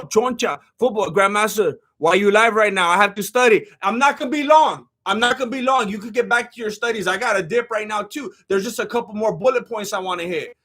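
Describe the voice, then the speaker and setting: Bright, lively man streaming. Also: high voice, a little hiss or hum. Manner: animated, jokey, reads chat donations aloud. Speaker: MMA commentary streamer. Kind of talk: casual live-stream commentary.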